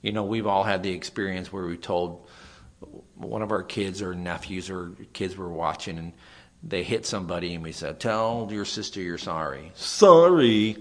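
A man preaching a sermon, earnest, swinging between raised emphasis and quiet asides. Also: low voice.

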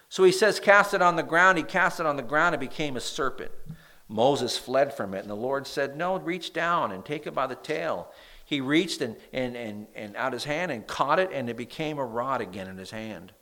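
A man preaching a sermon in a church, with a nasal voice and lively emphasis when reading scripture. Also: medium pitch. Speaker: pastor.

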